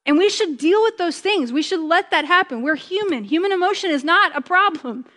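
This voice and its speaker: A woman preaching a conversational sermon, chatty and joking, slowing down for emphasis. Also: extremely high pitch, expressive, fairly bright tone, long reverb tail.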